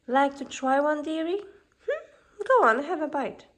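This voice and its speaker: A woman reading a storybook puts on a wicked queen disguised as an old peddler woman. She coaxes and wheedles, sweet on the surface and scheming beneath. The voice sits fairly high. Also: very animated, measured pace. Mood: coaxing. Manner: wheedling, calls listener dearie.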